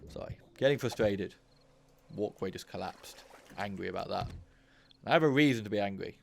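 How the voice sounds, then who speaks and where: Male let's-play host, low and gravelly, casual thinking-aloud commentary with bursts of cursing. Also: moderate pace, a little hiss or hum. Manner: thinks aloud, grows frustrated and swears. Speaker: gaming channel host.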